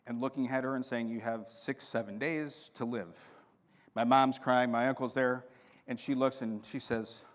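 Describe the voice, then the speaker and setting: A man giving a storytelling talk at a conference, acting out voices in his anecdotes. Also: mid-range voice. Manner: animated anecdotes with quoted dialogue. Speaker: conference speaker. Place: conference hall. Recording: hall reverb.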